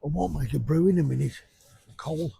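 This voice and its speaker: A man's voice: on the high side, normal speed, vocal fry, warm tone, slightly rough. Blunt, sweary man on a night beach. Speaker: fishing vlogger. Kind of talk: casual vlog chat. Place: outdoors on a beach at night, rough surf.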